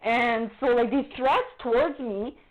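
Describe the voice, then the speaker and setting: A woman's voice: fairly high pitch, a little slow. A middle-aged woman on a phone call to police, agitated and accusatory, swearing heavily as she complains. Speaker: caller reporting to police. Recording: muffled phone-call recording.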